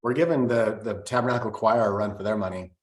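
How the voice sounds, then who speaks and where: A man's voice: fairly low pitch, quick pace, reverberant. A man co-hosting a casual business coaching call, joking easily. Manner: easygoing, jokey.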